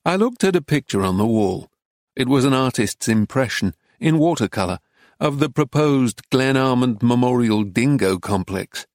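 A man reading an audiobook in a measured, understated, dry manner. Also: medium pitch, expressive, darkish tone, no echo. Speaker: narrator. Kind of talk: scripted audiobook narration.

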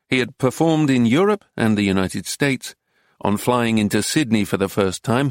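Male narrator, mid-pitched, steady travelogue read, dry close mic. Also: no room sound. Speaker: audiobook narrator. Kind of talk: scripted narration.

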